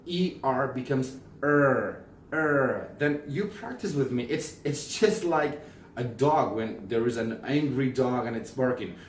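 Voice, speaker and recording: A man teaching pronunciation in a casual video lesson, explaining slowly and repeating example words. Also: mid-range voice, lively intonation, a little mellow, a little hiss or hum. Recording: roomy echo, mic at a distance.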